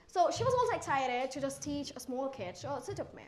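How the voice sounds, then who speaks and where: Teen girl, Indian English accent, high voice; animated motivational speaker acting out dialogue. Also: fairly quick, hardly any pauses. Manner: animated, acts out quoted exchanges. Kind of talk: motivational storytelling talk.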